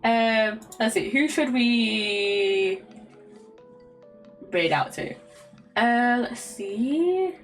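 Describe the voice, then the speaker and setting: A woman's voice: on the high side, lively intonation, drawn-out words, pauses often. A young British woman streaming a game, chatting casually and rambling, often stumbling over her words and giggling. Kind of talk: casual chat while gaming. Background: faint lofi music.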